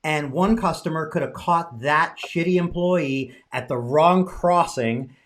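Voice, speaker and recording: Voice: mid-range voice, unhurried, fairly bright tone. A podcast host in casual chat, reasoning aloud with many fillers.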